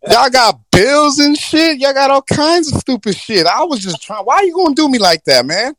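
A man's voice: very high voice, very animated, normal speed, fairly bright tone, dry recording, pitched above the performer's own voice, heavily acted. A man voicing a crude, irritable male genie who complains and curses a lot. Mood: indignant. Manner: profane, put-upon complaining.

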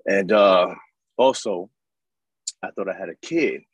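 Animated guy in his 30s, low husky voice, dry sound, does voices in his stories. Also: takes it slowly, no room sound, dull audio. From New York. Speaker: interview guest. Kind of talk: casual storytelling.

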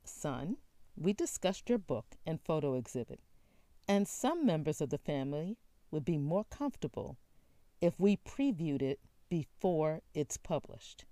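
A woman reading the lines of a stern pastor who is a father of grown sons, grave and measured. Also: deep voice, big pitch swings, dark tone, dry recording.

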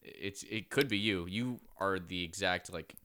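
A man's voice: low-pitched, measured pace, bright, forceful tone, clear, resonant tone. A man co-hosting a casual podcast, joking crudely at his own expense and swearing in banter. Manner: self-deprecating, crude banter. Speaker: podcast co-host. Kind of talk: casual chat.

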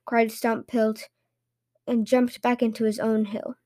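A woman host reading fairy tales aloud in lively storytelling narration. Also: on the high side, a little slow.

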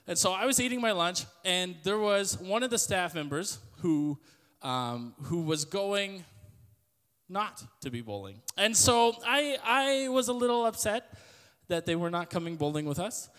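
High-voiced young man preaching in a hall. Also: lively intonation, a little slow, clear, resonant tone. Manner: loud, joking, self-deprecating storyteller. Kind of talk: sermon talk to a youth audience. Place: church hall with an audience. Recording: long hall reverb.

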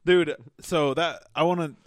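A man's voice: fairly high pitch, fairly even intonation, measured pace, background noise. A young man co-hosting a casual podcast, swearing freely and retelling movie scenes with energy. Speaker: podcast co-host. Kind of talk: casual chat.

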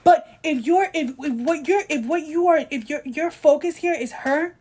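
A woman co-hosting a casual podcast chat, ranting in a heated, emphatic way and reading quotes aloud in mock voices. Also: high voice. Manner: heated, emphatic, rapid ranting with apologies for shouting. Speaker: podcast co-host.

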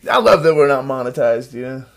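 A man co-hosting a casual podcast, slangy and loose, calling everyone "dude" and laughing loudly and often. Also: medium pitch, animated, a little fast. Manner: slangy, says "dude" constantly, frequent loud laughs. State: stoned. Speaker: podcast co-host. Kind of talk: casual chat.

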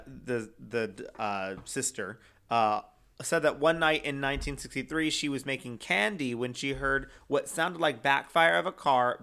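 A young man talks through a true-crime story in a loose, casual way. He wanders, fills gaps with "uh" and "um", and reads quotes aloud in his ordinary middle-pitched voice. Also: a bit bright, clean tone. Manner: rambling with many fillers, reading quotes aloud. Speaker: co-host.

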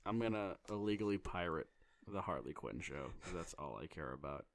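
A man's voice: low-pitched, animated, fairly quick. A man in casual chat, ranting angrily and swearing constantly. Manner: profane, exasperated ranting.

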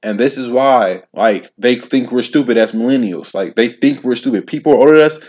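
A young man in his twenties talks alone on his own podcast in a loose, slangy way, often repeating himself as he makes his point. His voice sits at an ordinary pitch for a man, and he speaks directly to whoever is listening. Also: fairly quick, a little mellow, dull audio. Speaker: podcast host. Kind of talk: casual solo commentary.

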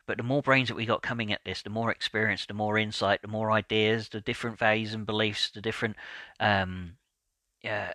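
A man hosting a solo podcast, talking in a calm, measured and deliberate way, sometimes repeating words as he thinks. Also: lowish voice, no echo. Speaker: podcast host.

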